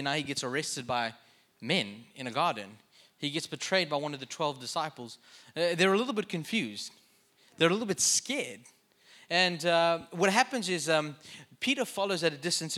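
A man's voice: fairly high pitch, animated, fairly quick, bright, forceful tone. A young adult man preaching a sermon in a humorous, conversational, self-deprecating way. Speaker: pastor.

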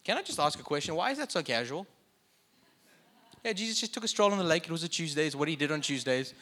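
A man's voice: a little high, expressive, quick pace, pushed and bright. A man preaching a sermon in a conversational way, with joking asides.

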